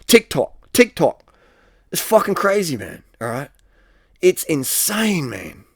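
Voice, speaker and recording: A man's voice: a little high, very animated, a little slow, husky, no echo, studio quality. Blunt, profane man ranting. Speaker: vlogger giving advice. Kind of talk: rambling casual monologue.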